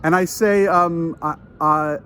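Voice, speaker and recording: A man telling a story outdoors, exasperated and animated, voice swinging widely up and down, constantly cutting himself off. Faint outdoor noise sits behind him, and his voice is a touch higher than most men's. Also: normal speed. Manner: animated, exasperated, self-interrupting. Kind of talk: casual storytelling vlog. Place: outdoors near a train line.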